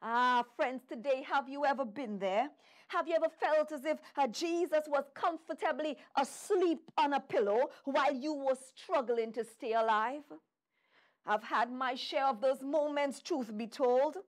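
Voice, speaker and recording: A woman's voice: sits high, measured pace. A woman preacher delivering a sermon, telling the story dramatically and calling out fervently to her listeners. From Trinidad and Tobago.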